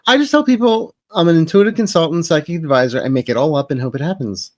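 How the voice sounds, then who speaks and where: A man being interviewed as a psychic advisor, telling stories with quick jokes and asides. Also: on the high side, lively intonation, darkish tone, no echo. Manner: joking, storytelling, quick asides. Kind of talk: casual interview chat.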